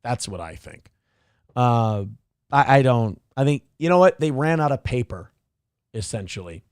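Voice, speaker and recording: A man's voice: medium pitch, animated, a little slow, clear, resonant tone, dry recording, studio quality. A man from central Minnesota hosting a livestream show, reading viewer donations and mocking people in a blunt, crude way. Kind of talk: casual livestream commentary.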